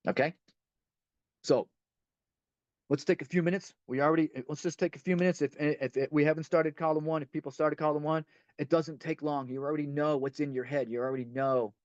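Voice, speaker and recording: Higher-voiced man leading a recovery workshop. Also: no room sound. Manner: repeats himself, speaks straight to the group. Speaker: leader of a recovery step workshop. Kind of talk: conversational teaching talk. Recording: dull lo-fi dry recording.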